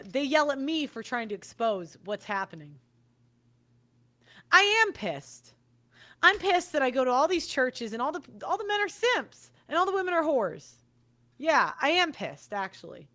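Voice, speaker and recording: A young woman with a high, bright voice rants into the mic as a podcast host. She swears freely and circles back to the same points again and again. Her delivery is heated and blunt. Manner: swearing, ranting, repeats herself. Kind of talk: angry monologue.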